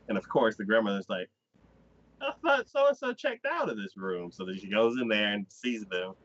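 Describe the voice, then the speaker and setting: A man hosting a casual podcast chat, recapping a story with lively energy and acting out the characters' lines. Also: lowish voice. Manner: animated storyteller who acts out characters' lines in quoted voices. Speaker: podcast host. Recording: dull, dry lo-fi recording.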